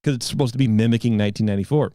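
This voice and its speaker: A man's voice: medium pitch, rapid-fire, warm tone, no echo, studio quality. A man in his thirties hosting a podcast, telling a rambling story in casual chat. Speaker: podcast host.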